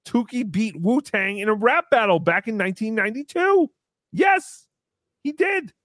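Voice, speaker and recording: A man's voice: sits high, animated, moderate pace, a bit bright, dry recording, clean studio sound. A man voicing a brash, boastful comic character who talks about himself in the third person while hosting a livestream. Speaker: show host character. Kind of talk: livestream comedy banter.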